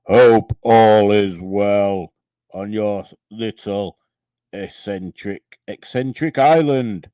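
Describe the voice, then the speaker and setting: A Yorkshire man doing a dragging, low, mellow put-on voice, loud and ponderous, in a dead-dry room. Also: smooth, no room sound. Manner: drawn-out, loud, ponderous delivery.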